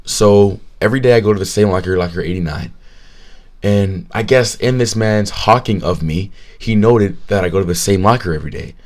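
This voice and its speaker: A man in his twenties, co-hosting a podcast, telling a story in a profane, animated way. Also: fairly low pitch, fairly quick. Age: 20s. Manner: animated, profane, retelling with quoted voices. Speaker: podcast co-host. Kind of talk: casual storytelling chat.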